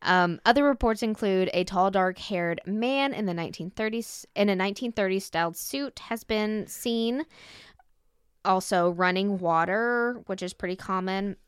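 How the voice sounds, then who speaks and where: A woman's voice: medium pitch, normal speed, clean tone, no echo, clean studio sound. A young woman hosting a podcast, reading ghost stories in a chatty, giggly way with lots of fillers. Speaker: podcast host.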